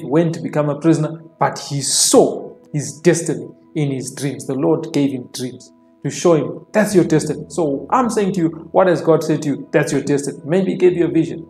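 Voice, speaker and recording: Gravelly preacher over soft worship music. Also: male voice, fairly high pitch. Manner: tag questions, repeats phrases for emphasis. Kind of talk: sermon. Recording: roomy sound with soft worship music behind. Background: soft instrumental worship music.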